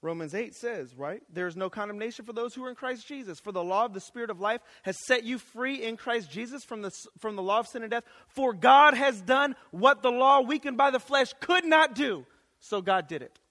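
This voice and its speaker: A man in his thirties preaching a lively chapel sermon, talking casually and swinging from hushed asides to sudden shouts. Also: very high-pitched, a little fast. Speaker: chapel speaker. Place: college chapel. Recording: long reverb of a chapel hall.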